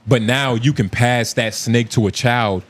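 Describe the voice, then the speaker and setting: A man's voice: medium pitch, steady tone, measured pace. A man co-hosting a podcast in casual, argumentative chat, cursing freely and talking over the others. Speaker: podcast co-host.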